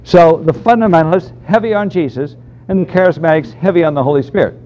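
A man's voice: a little high, quick pace, darkish tone. Man giving a dull-sounding Bible lecture. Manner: emphatic, conversational teaching with fillers. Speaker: Bible teacher.

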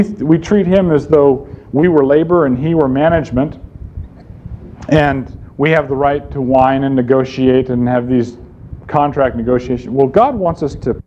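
A man preaching with emphatic conviction, putting rhetorical questions to his listeners and answering them himself. His voice sits in an ordinary middle pitch. The recording is a little dull, with faint room noise under it. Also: mellow. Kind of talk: sermon.

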